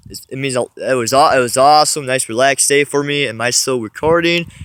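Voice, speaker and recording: A man's voice: medium pitch, a little fast, a bit bright, clear, resonant tone. A man telling a story in a casual vlog, rambling with many restarts, recorded on his phone. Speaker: vlogger.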